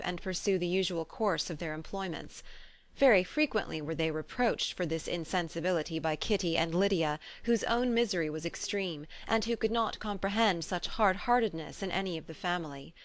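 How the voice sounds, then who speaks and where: A woman narrating a classic novel as an audiobook, measured and even. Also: lowish voice. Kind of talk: scripted narration.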